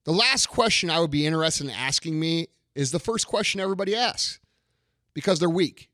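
A middle-aged man rants on his podcast in a blunt, profane way, hammering his points by saying them twice. His voice sits a little high for a man. The sound is dry and close, with no room in it. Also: expressive, fairly quick, no echo. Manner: blunt, profane, forceful, repeats lines for emphasis. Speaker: podcast host. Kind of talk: profane motivational rant.

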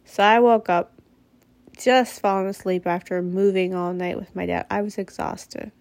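Woman, mother, casual storytelling, blunt and candid, gravelly voice, dry close sound. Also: mid-range voice, steady tone, moderate pace, darkish tone, no echo. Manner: candid, blunt, swears freely. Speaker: mother telling a personal story.

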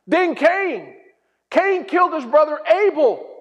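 High-voiced preacher in an echoey hall. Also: male voice, unhurried. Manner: storytelling, animated and humorous. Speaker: pastor. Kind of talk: sermon. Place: church hall. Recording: dull sound in a reverberant hall.

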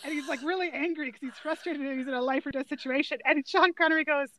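Giggly woman co-host, high voice, casual chat, dry room. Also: fast talker, bright, forceful tone, dry recording. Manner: giggly, recounting scenes. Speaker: podcast co-host. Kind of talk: casual chat about films.

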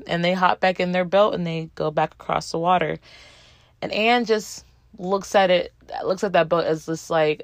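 Woman, casual plot recap, gravelly, dry close sound. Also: moderate pace, no room sound. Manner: chatty, acts out quotes with pitch jumps. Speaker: film recap narrator.

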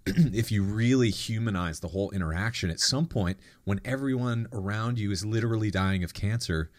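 A man's voice: fairly low pitch, moderate pace, darkish tone, no echo, clean studio sound. A man hosting a conversational interview, speaking in a reflective, thoughtful way. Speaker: podcast host.

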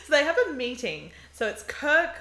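A woman co-hosting a casual chat, animated, laughing often and quoting characters mockingly. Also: high-pitched, moderate pace. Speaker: podcast co-host. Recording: roomy echo.

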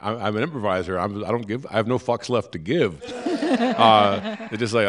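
A man's voice: medium pitch, huge pitch swings, moderate pace, a crowd in the background. A man hosting a live podcast in a theater, rambling and self-deprecating, with many restarts. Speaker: podcast host. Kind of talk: casual live podcast chat.

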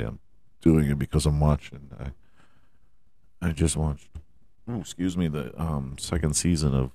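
A man hosting a casual solo sports podcast, rambling and profane, with a scratchy throat he keeps clearing. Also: rumbling low, darkish tone, dry recording, clean studio sound. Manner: rambling, profane, self-mocking asides. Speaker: podcast host.

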